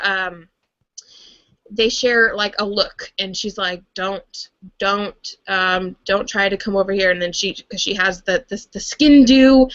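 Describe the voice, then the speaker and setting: Bright-voiced young woman chatting on a livestream. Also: mid-range voice, dry recording, muffled recording. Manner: rambling, many fillers and restarts. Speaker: host of a live book and TV fan stream. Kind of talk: casual chat.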